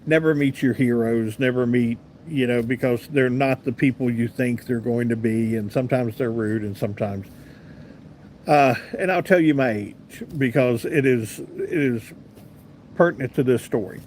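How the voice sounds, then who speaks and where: Man, 50s, talk host, casual anecdotal storyteller, middle pitch, faint background hiss. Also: moderate pace, a little mellow. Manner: chatty, rambling anecdotal delivery with asides to viewers. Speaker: radio talk show host. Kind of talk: casual live-stream storytelling, reading chat comments.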